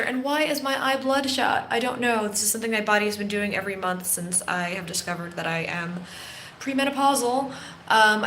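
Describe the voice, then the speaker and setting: A woman's voice: on the high side, bright, forceful tone. A woman talking casually to camera from a phone on a selfie stick, rambling in a chatty way, with frequent fillers and restarts. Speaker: channel founder and ministry vlogger. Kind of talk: casual spoken reflection to camera. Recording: echoey room, faint background hum.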